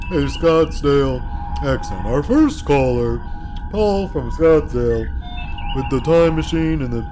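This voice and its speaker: A man hosting a comedy podcast, rambling through tangents and stumbling over repeated words. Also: a little high. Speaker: podcast host.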